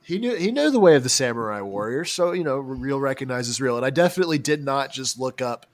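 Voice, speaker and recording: A man's voice: mid-range voice, animated, fast talker, no room sound. Joking american guy, podcast banter. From United States. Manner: joking, rambling, mocking asides. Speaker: podcast co-host. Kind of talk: casual chat.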